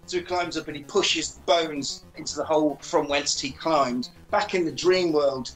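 A man with a high, bright voice recaps a film in a casual, comic way. He talks animatedly and swears freely. He keeps slipping into silly voices for the characters, over a bed of faint music. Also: normal speed, few pauses, poor audio. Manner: animated, sweary, acts out lines in funny voices. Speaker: podcast host recapping a film.

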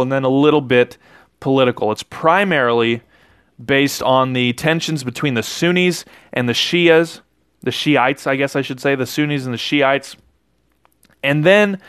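A man's voice: medium pitch, fairly bright tone, clear, resonant tone, no echo, clean studio sound. Rambling man hosting a podcast. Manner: rambling, with frequent self-corrections. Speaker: podcast host. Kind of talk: casual political commentary monologue.

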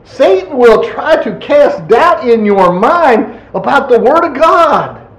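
High-voiced, animated preacher. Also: male voice, slow. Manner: animated, folksy, acts out quotes. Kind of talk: sermon. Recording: echoey room.

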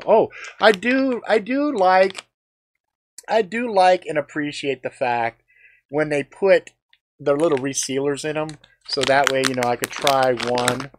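A man chatting casually on a live stream, rambling with lots of fillers and swearing, breaking into loud exclamations as he tastes snacks. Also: mid-range voice, slight background noise.

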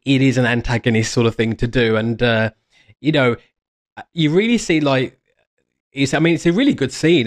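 Man, mid-pitched, casual lore explainer who rambles, restarts sentences and gets enthused. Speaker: fan commentator. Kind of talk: casual fan explainer monologue.

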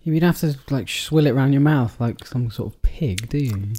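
A man's voice: mid-range voice, normal speed, dark tone, husky. Male comedy podcast co-host, rambling storyteller, mid-range voice, laughs a lot. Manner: rambling anecdote teller, laughs often. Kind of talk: comedic banter.

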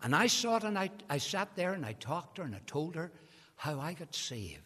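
A man's voice: fairly high pitch, very animated, fairly quick, breathy edge. A man preaching an evangelistic sermon, telling a story with rising passion. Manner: impassioned, building to shouted climaxes. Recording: long hall reverb.

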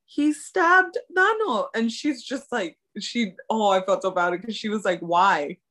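Brief: young woman, mid-pitched voice, animated co-host who laughs and swears casually. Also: a little slow. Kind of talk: casual chat.

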